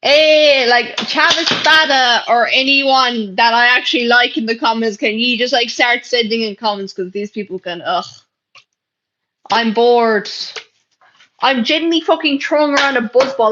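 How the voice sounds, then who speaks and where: A woman's voice: fairly high pitch, fairly bright tone, a little hiss or hum. Blunt sweary Irish woman livestreaming. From Ireland. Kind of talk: casual livestream chat reading comments. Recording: dull lo-fi stream audio.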